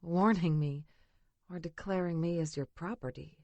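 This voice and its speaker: A woman reading a first-person romance audiobook in an intimate, breathy way. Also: lowish voice, normal speed, darkish tone, dry recording, highs cut off. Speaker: audiobook narrator.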